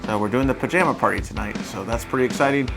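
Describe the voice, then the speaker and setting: Man, travel vlogger, cheerful chatter, cruise ship, mid pitch. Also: fast, vocal fry, over music. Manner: chatty, upbeat, addresses viewers as folks. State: out of breath. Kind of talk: casual vlog chat.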